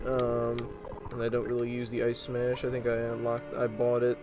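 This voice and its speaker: A man's voice: medium pitch, normal speed, rough recording. Man rambling over game music. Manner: relaxed, rambling with many fillers. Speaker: let's play host. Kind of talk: casual gameplay commentary.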